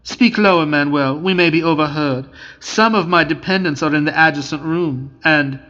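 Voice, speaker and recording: A man reading aloud voices a young countess who hides an affair, talking in a pleading hush. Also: a little high, normal speed, muffled recording. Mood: anxious. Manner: pleading, hushed and breathless. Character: unfaithful young countess, anxious and tender.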